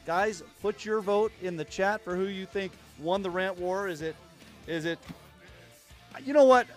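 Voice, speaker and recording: A man's voice: high-pitched, measured pace, soft background music. A man hosting a casual livestream podcast, rambling and chatty as he restarts his sentences. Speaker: podcast host.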